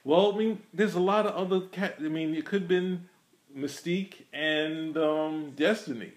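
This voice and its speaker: A man's voice: fairly high pitch, moderate pace. A man co-hosting a podcast, chatting casually about a film in a rambling, hesitant way with many restarts. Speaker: podcast co-host. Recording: echoey room.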